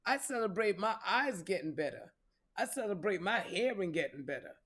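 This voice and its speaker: A woman's voice: mid-range voice, animated, moderate pace, a bit bright, slightly rough. A woman giving a casual spiritual reading, profane, playful and preachy. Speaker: spiritual reader.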